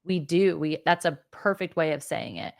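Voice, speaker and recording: A woman's voice: low-pitched, expressive, moderate pace, creaky, dry recording, studio quality. A woman speaking as a podcast guest, earnest and reflective, often laughing as she talks. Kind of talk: conversational interview.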